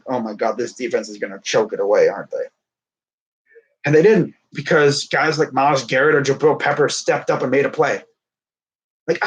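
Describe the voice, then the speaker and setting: A young man talking sports in a casual, excitable, rambling way, with plenty of trash talk. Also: a little high. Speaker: sports fan streamer.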